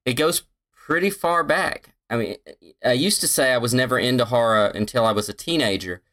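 A man's voice: mid-range voice, fairly quick, a bit bright. A middle-aged man from North Carolina with a Southern accent, chatting as a podcast guest in a rambling, self-correcting way. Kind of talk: casual conversation.

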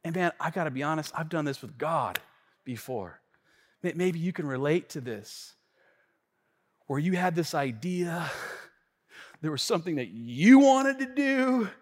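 A man preaching a sermon as pastor, telling a story in an animated, conversational way with frequent asides to the congregation. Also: on the high side, unhurried, pauses often, in a large hall. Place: church sanctuary.

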